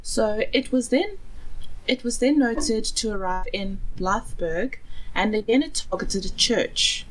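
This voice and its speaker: A woman's voice: a little high, lively intonation, a little slow, low-quality recording. A young woman from South Africa co-hosting a podcast in casual chat, giggly and self-deprecating. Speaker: podcast co-host.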